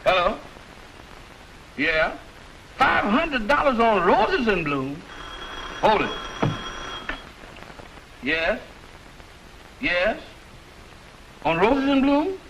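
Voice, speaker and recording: A man's voice: high-pitched, big pitch swings, very slow, pauses often, fairly bright tone, a little hiss or hum, full character voice, rough recording. An actor playing an eager, comic errand man for a bookie, speaking in drawling 1940s film comedy dialogue.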